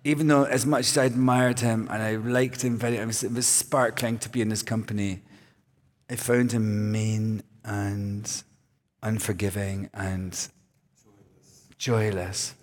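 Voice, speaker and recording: Slow-talking man in an echoing hall. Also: on the low side, level tone. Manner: chatty, laughing asides. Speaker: guest author. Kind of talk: on-stage conversation. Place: event hall before an audience. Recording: reverberant hall.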